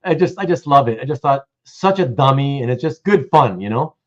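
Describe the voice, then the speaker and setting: Lively, chatty man hosting a livestream. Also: medium pitch, a little fast, muffled recording. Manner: chatty, reads out viewer comments, many restarts. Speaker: host. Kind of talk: casual livestream chat.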